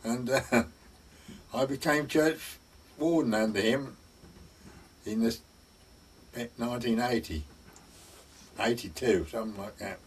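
A man's voice: mid-range voice, takes it slowly, pauses often, distant mic, slight background noise. An older man telling village anecdotes in a chatty way, with dry humor. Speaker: village storyteller. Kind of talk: oral-history storytelling.

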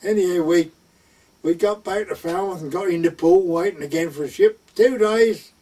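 A man's voice: a little high, fairly even intonation, brisk, dark tone, distant mic. Older man telling old sea stories. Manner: rambling anecdotal, acts out quoted speech. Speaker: interviewee recounting wartime service at sea. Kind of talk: oral history storytelling.

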